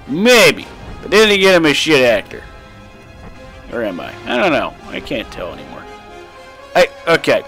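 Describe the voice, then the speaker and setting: Animated young man commenting on gameplay. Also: mid-range voice. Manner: casual, rambling, profane, animated with sudden shouts. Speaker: gaming commentator. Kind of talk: let's play commentary.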